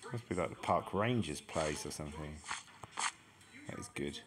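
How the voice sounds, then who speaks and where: A man's voice: extremely low pitch, lively intonation, moderate pace, crowd noise. A man giving casual, chatty commentary as he explores a game map and exclaims at each new discovery. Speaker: gaming channel host. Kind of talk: casual let's-play commentary.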